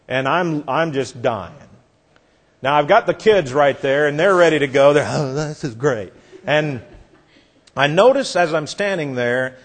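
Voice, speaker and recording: A man preaching a sermon, telling a story earnestly and dropping soft for effect. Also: mid-range voice.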